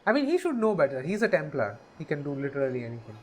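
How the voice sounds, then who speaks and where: A man's voice: on the high side, wildly swooping pitch, very fast, faint music behind. A man giving chatty, opinionated commentary over gameplay. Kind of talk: casual let's play commentary.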